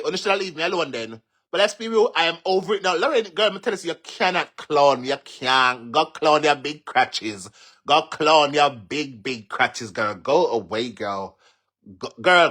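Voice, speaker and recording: Medium in pitch with a fairly bright tone and a breathy edge, this Jamaican-accented man is a social media commentator. In his ranting live-stream monologue he mocks, curses, taunts, and keeps repeating himself.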